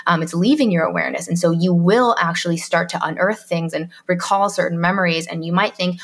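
A woman's voice: fairly low pitch, a little fast, few pauses, a bit bright, slightly rough. A woman guest on a podcast interview, telling a personal story in a chatty way and acting out the voices of people in it. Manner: chatty storytelling, reenacts dialogue, frequent "um" and "like". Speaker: guest, mindset coach.

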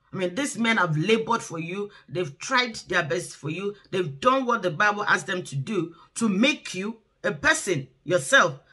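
A woman's voice: mid-range voice, sharp tone. A middle-aged woman, hosting a relationship talk and giving earnest, preachy advice. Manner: earnest, exhorting, acts out quoted voices.

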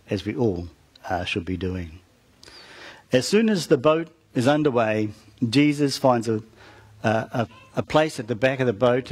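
A man's voice: medium pitch, a little mellow, slightly rough. A man preaching, retelling a story to his congregation and calling out to them as he goes. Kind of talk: storytelling sermon.

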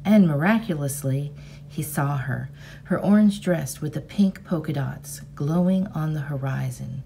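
A woman teacher reading a children's novel aloud to her class, expressive and measured. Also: deep voice, vocal fry, a little hiss or hum. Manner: slow, expressive storytelling. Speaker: fourth grade teacher.

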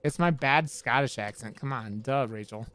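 A man's voice: mid-range voice, normal speed, fairly bright tone, clean tone. A man streaming a horror game, joking with his chat and swearing as he plays. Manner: profane, joking, talks back to chat. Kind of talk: casual let's-play commentary.

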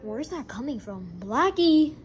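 A woman's voice: sits high, big pitch swings, normal speed, a little hiss or hum. A woman improvising a plushie skit, voicing every character and switching voices, often scolding.

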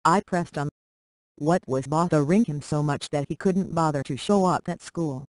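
Synthetic storyteller, steady mid-range delivery, dry close recording. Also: mid-range voice, normal speed, no echo, low-quality recording. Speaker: narrator. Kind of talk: reading a short story aloud.

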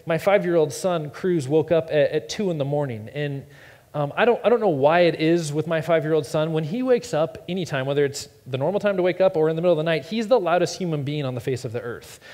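A man in his thirties preaches a sermon as pastor in a church sanctuary, telling stories casually, stumbling over repeated words, and poking fun at himself. His voice is fairly high, animated, quick, and darkish. The church hall gives a long reverb.

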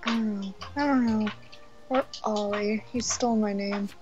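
A woman's voice: mid-range voice, fairly even intonation, moderate pace, highs cut off, music in the background. A woman playing a game alongside a friend, chatting playfully, teasing and laughing. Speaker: co-player. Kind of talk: casual gameplay chat.

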